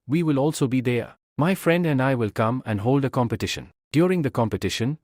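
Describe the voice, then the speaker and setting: A man's voice: mid-range voice, a little mellow, no room sound, clean studio sound, lightly acted. A man voicing a haughty young woman elder. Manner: suspicious, blunt, boastful.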